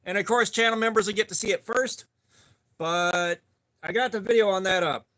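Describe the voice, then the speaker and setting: High, bright-voiced man chatting on a livestream. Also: moderate pace. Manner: greets viewers by name, rambling and chatty. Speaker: livestream host. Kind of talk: casual live-stream chat.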